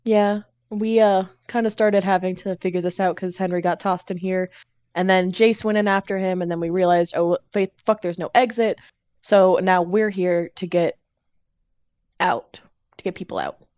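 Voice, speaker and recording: A woman playing a tabletop role-playing game, answering in character with quick, sassy lines. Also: fairly low pitch, steady tone, darkish tone, dry recording. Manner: sassy, quick, laughs at own slips. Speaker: player.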